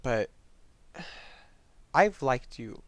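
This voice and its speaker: Man reading a gentle, dying young woman's lines, soft, faltering, clean dry voice. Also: mid-range voice, big pitch swings, drawn-out words, no echo. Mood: tender.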